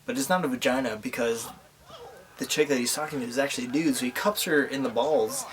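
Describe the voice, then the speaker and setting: A man's voice: mid-range voice, fast talker. A young man who has been drinking rambles through a movie plot in a loose, crude vlog. He swears freely and keeps correcting himself as he meanders through the story. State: tipsy from drinking. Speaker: vlogger. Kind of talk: profane casual movie recap.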